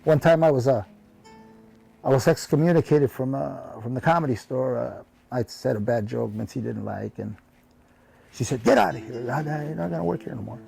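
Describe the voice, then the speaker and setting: A male comedian reminisces in an interview in a rambling, heartfelt way, often saying "you know" and acting out conversations he remembers as reflective storytelling. His mid-range voice is warm and slightly rough with vocal fry, at a moderate pace, over soft background music.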